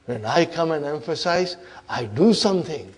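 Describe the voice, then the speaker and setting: Bossy bragging particle, scolding and loud, voiced by a male teacher. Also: on the high side, lively intonation, normal speed, breathy edge. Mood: scornful. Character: boastful pushy grammar particle, male.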